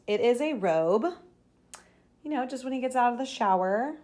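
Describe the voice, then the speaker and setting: A young woman vlogging casually to a handheld camera, chatty and full of fillers, gushing with feeling. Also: medium pitch. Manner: chatty, with many fillers and restarts; gushing and tearful over baby things. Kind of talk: casual vlog chat.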